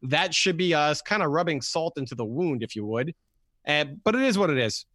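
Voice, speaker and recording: A man co-hosting a sports podcast, telling animated stories and stumbling over repeated words. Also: on the high side, fairly quick, dry recording. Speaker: podcast co-host. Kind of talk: casual sports podcast chat.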